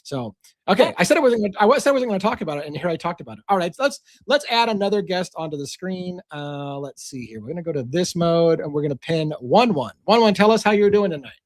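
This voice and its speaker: A man's voice: sits high, animated, fast, no echo, clean studio sound. A man hosting a casual livestream, chatty and rambling, laughing often. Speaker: livestream host.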